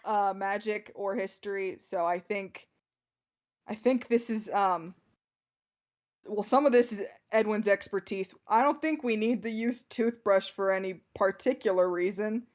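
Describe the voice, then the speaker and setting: A woman's voice: mid-range voice, unhurried, close to an everyday voice. Woman voicing a blunt male soldier. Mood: matter-of-fact.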